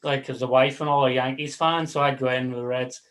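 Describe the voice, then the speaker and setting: A man's voice: mid-range voice, steady tone, fairly quick, fairly bright tone, rough recording. Rambling man hosting a hobby livestream. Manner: rambling, swears casually, chuckles. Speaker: livestream host. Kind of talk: casual chat.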